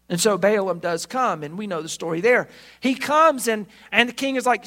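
A man preaching a sermon, telling the story with animated delivery. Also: sits high, normal speed. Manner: animated storytelling, acting out the characters. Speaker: pastor.

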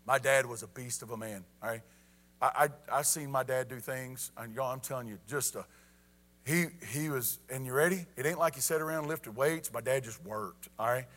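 Preacher guy, middle-aged, bright voice, keeps calling out to the room, fired up. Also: medium pitch, normal speed. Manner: animated preaching with repeated call-outs and rising emphasis. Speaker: pastor. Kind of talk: sermon.

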